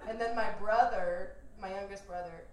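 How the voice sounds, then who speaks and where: A woman's voice: medium pitch, steady tone, moderate pace, slight background noise. A young woman telling a personal story to an audience, candid and laughing often, mimicking her family in quotes. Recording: echoey room from far off, faint ambience.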